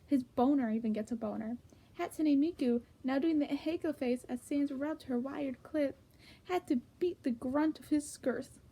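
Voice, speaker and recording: A woman reading comedic fanfic aloud in a hushed, half-whispered voice with sudden jumps in pitch. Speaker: fanfic reader.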